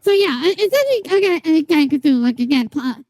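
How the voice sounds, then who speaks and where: A young woman's game stream features her rambling, sweary chat with viewers, heavy on fillers and restarts. She speaks a little fast with a high, very animated, slightly mellow voice, and the recording quality is low.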